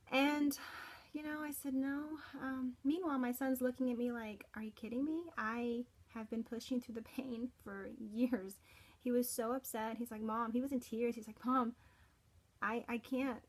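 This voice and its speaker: A middle-aged mother telling her story as a personal testimonial, earnest and halting, with frequent restarts. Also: medium pitch. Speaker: parent giving a product testimonial.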